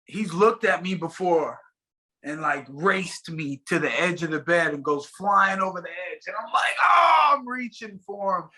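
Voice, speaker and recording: A man's voice: high voice, normal speed, pushed and bright, rough recording. A man being interviewed as a fighter guest, talking casually and rambling with many fillers and restarts over a video call.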